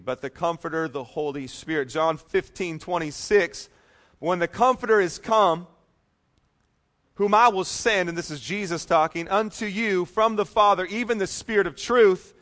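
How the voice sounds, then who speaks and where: A man's voice: sits high, a bit bright. A male pastor preaching a sermon, reading scripture emphatically and adding casual, joking asides.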